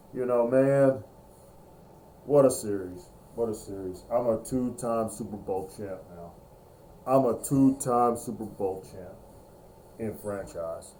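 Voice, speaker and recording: Emotional gaming host man, mellow tone. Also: mid-range voice. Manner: emotional, repetitive, breaks into drawn-out cheers. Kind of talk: excited gameplay commentary.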